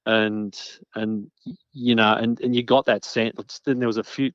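A man's voice: on the low side, fairly even intonation, normal speed, no echo. A man as a guest recalling interviews, rambling with many restarts and fillers. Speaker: guest journalist. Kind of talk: casual interview chat. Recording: dull lo-fi sound.

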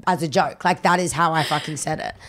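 A woman's voice: sits low, brisk, a bit bright. A young Australian woman co-hosting a podcast, chatting loosely and poking fun at herself. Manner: loose, self-mocking, swears casually. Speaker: podcast co-host. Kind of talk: casual chat.

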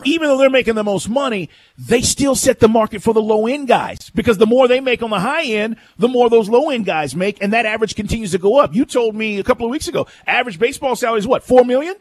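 A man's voice: extremely high pitch, fast, hardly any pauses, no echo. A man co-hosting a sports radio show, talking energetically and reading promos between segments. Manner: energetic, reads station promos and phone number.

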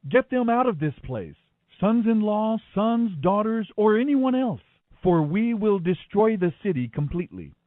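A man's voice: high-pitched, very animated, measured pace, dry recording, narrow, tinny audio, voice pushed up. A man reading scripture, voicing stern male angels who give urgent commands.

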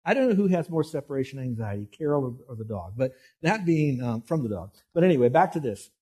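A man gives a sermon in a mellow, darker voice with a husky edge. He tells homespun, self-deprecating stories with frequent restarts, then turns earnest as he moves into scripture. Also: mid-range voice, big pitch swings, fast. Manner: folksy, self-deprecating storytelling with many restarts. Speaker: pastor.

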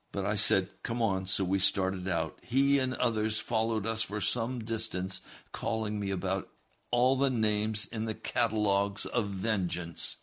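A man's voice: on the low side, a bit bright. A male preacher telling a first-person story and exhorting his listeners earnestly.

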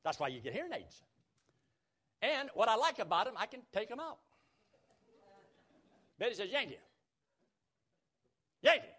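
An older man preaching a radio sermon, lively and emphatic, slowing down to quote scripture. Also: high-pitched.

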